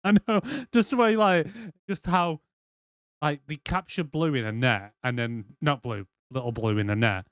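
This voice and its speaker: A man's voice: mid-range voice, moderate pace, dry recording. A young man co-hosting a casual movie review podcast, sweary and acting out scenes in silly voices. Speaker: podcast co-host.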